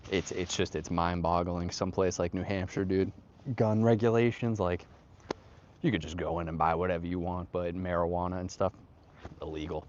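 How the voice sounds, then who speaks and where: Low-voiced laid-back young streamer. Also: male voice, fairly even intonation, normal speed, darkish tone, muffled recording, slight background noise. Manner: laid-back slangy, greets chat. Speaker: livestream host. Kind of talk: casual livestream chat. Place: outdoors. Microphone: phone on tripod.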